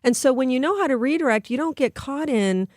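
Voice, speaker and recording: A woman's voice: a little fast, dry recording. Earnest middle-aged woman explaining, dry studio. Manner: earnest, acts out quoted voices with lively pitch jumps. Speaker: guest expert on behavior. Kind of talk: radio interview, explanatory talk. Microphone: studio microphone.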